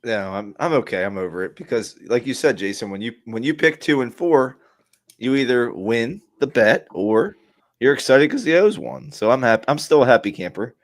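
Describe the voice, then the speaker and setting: A man's voice: medium pitch, expressive, normal speed, no echo. A man co-hosting a casual sports podcast, easygoing and upbeat. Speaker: podcast co-host.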